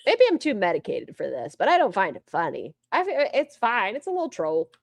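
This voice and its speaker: A woman's voice: medium pitch, wildly swooping pitch, a little fast, dry recording. A woman streamer giving casual, sarcastic commentary while reacting to a video and greeting her chat. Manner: sarcastic, teasing asides to chat.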